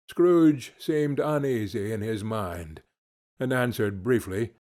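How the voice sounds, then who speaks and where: A man narrating a classic story as an audiobook reader, in a deliberate, expressive way. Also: mid-range voice. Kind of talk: scripted narration.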